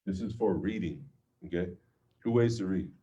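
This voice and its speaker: An Islamic teacher leads an informal religious class in a conversational way, checking in with "okay?" and "right?". His voice is low and dark, at a moderate pace.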